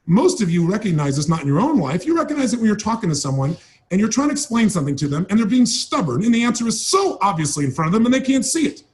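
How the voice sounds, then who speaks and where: A man's voice: sits high, very animated, fast, darkish tone. A man giving a motivational seminar talk, speaking emphatically and dramatically, repeating phrases for effect. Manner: dramatic, acts out voices of people he describes.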